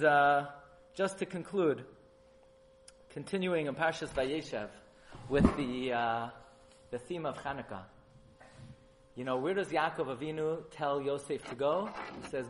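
Man, sermon preacher, fairly high voice, swings from hushed to booming, faint background noise. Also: measured pace, pauses often, poor audio. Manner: animated, rising to loud emphatic peaks, mixing in Hebrew terms. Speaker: rabbi giving a memorial talk. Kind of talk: Torah sermon.

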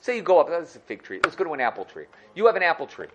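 A man teaching a lively Torah lesson, animated and acting out little scenes. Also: fairly high pitch, rapid-fire, noisy background. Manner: animated, acts out dialogue.

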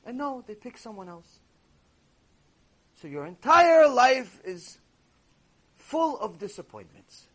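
A man giving a sermon lecture as a rabbi, animated and storytelling, with Hebrew terms mixed in. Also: very high voice, slow, pauses often.

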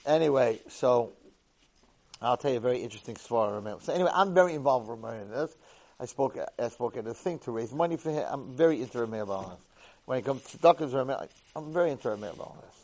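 A man at a middle pitch tells a first-person story as a lecture. He acts out every exchange, dropping to a near mutter and then bursting out loud. His delivery stays animated, with plenty of quick asides. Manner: animated, acts out dialogue, swings between hushed and loud. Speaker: Torah lecturer.

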